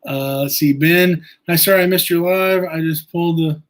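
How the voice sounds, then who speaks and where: A man hosting a casual livestream, answering viewer questions in a rambling, halting way with many fillers. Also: a little high. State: eye irritated from injury. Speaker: livestream host.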